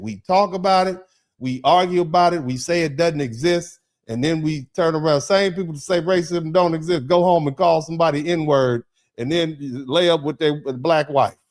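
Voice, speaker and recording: A middle-aged American man hosting a livestream, reading chat comments and riffing in a lively, preacherly way, acting out little dialogues. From United States. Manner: animated, preacherly, acts out dialogues; drops to low, quiet tone when telling a personal story.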